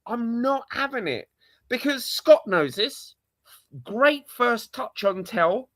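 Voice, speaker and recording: A man's voice: extremely high pitch, lively intonation, takes it slowly, a bit bright, no room sound. A man with a London accent ranting on a casual livestream, exasperated and repetitive, swearing often. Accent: London English. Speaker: live streamer, football fan.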